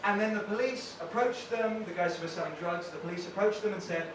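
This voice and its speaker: A man with a high voice doing a wry stand-up set at a comedy club, playing out street scenes as he talks. The sound is very echoey and a bit distant, with clear noise in the room. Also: fast, few pauses. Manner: wry, storytelling, acting out street sellers. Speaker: comedy night host and stand-up comic. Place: comedy club stage with a live audience.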